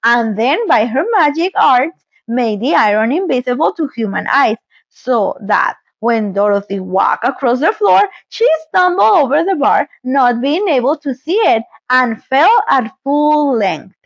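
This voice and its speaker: Woman host, storybook reader; high and lively, playful asides, dry lo-fi sound. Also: a little slow, vocal fry, dry recording. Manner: animated, playful commentary. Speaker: host reading a story aloud. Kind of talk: expressive storybook reading with commentary.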